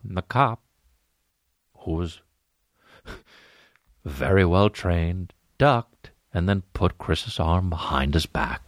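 Man doing slow, low, overdramatic true-crime narrator, dry close sound. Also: no room sound, full character voice. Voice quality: slow, deliberate, dramatic enunciation. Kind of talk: comic impression.

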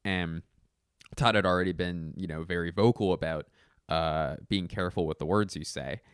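A low-voiced man talks in a loose, rambling way, piling up fillers and restarting sentences as he gets animated. The recording is dry and close, with no room sound around him. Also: moderate pace, clear, resonant tone, dry recording. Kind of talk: casual chat.

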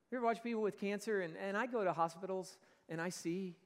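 A man preaching a sermon as pastor, emphatic, swelling and easing in force. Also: sits high. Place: church sanctuary. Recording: long reverb of a large church hall.

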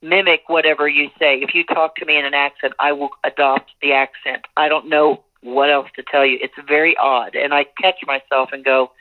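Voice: mid-range voice, fairly even intonation, moderate pace, few pauses. A singer in a phone interview, talking earnestly and rambling with many restarts. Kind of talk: phone interview, candid talk. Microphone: telephone. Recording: tinny phone line.

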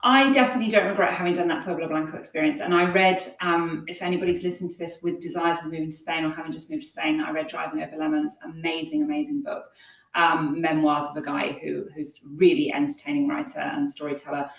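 A woman's voice: low-pitched, fairly even intonation, quick pace, gravelly. A woman guest in a casual interview, telling stories in a chatty way with many fillers. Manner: chatty, storytelling, frequent fillers. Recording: echoey room, distant from mic.

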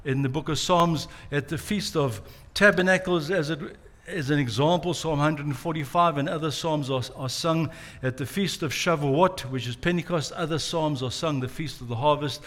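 Male preacher, mid-high voice, dramatic storyteller. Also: normal speed, few pauses, fairly bright tone. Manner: dramatic storytelling, acts out quotes. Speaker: pastor. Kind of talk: sermon.

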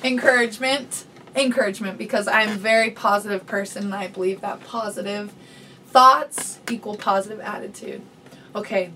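A woman's voice: mid-range voice, normal speed, sharp tone, distant mic, a little hiss or hum. A middle-aged woman chatting as a podcast guest, laughing often and telling a story with acted-out voices. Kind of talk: casual chat.

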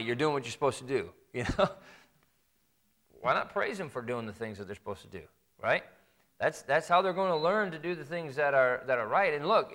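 A man preaching a sermon in a conversational way, acting out parents and children in quick quoted asides. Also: fairly high pitch, a bit bright. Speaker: pastor.

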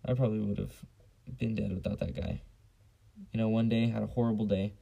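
A man's voice: on the low side, steady tone, measured pace, gravelly, mellow, poor audio. A young man hosting a casual solo podcast, blunt and profane, rambling with lots of fillers on a basic home mic. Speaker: podcast host.

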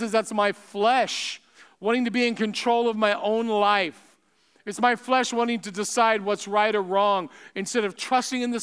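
Pastor, male, high resonant voice, impassioned sermon delivery with quiet appeals, long hall reverb. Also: clear, resonant tone. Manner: impassioned, swelling then dropping to soft appeals. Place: church sanctuary.

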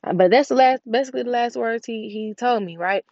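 A woman's voice: fairly high pitch, brisk, a little mellow, no room sound. A young woman telling a personal story in a casual, emotional way and talking straight to her viewers. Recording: dull, dry recording.

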